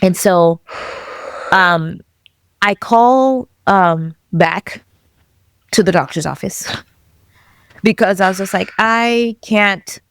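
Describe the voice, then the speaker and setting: A young adult woman telling her own story as a podcast guest, animated and acting out the voices of the people in it, laughing often. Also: on the low side, takes it slowly, long pauses, no room sound. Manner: animated, acts out quoted dialogue, laughs often. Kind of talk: personal storytelling.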